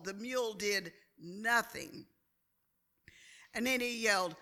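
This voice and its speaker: A woman preaching a sermon in a slow, deliberate way, often calling for an amen from the listeners. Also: mid-range voice, pushed and bright. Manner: slow, deliberate delivery, calls for amens. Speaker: church speaker.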